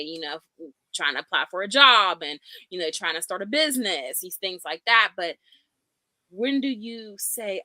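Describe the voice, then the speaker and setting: A woman with a bright, sharp voice co-hosting a podcast in casual chat. She keeps dropping in "you know" as she talks, and the sound is close and dry. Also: on the low side, lively intonation, normal speed, no room sound. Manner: chatty, peppers talk with "you know". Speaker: podcast co-host.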